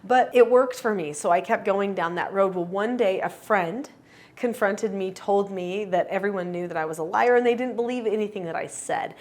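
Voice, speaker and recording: A middle-aged woman giving calm, earnest parenting advice straight to camera, now and then acting out what a parent and child might say. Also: mid-range voice, moderate pace. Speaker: parenting coach. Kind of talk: instructional talk to camera.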